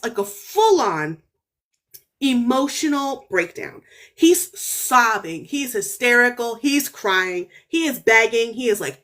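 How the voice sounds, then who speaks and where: A woman in her thirties telling a story on a podcast in a casual, animated way, full of "like" and "right?", her voice jumping up when she gets excited. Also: a little high. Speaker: author guest.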